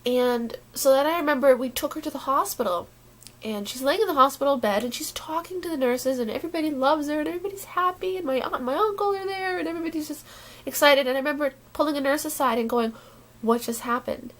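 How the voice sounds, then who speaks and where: A woman talking casually to her camera, rambling and halting with many restarts, sounding uneasy and worried. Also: sits high. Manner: unsettled and worried. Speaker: vlogger.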